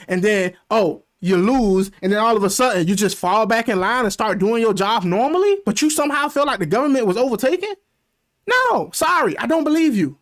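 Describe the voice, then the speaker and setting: A man's voice: extremely high pitch, fairly quick. A man hosting a reaction video, commenting casually and animatedly with frequent swearing. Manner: animated, profane, laughing asides.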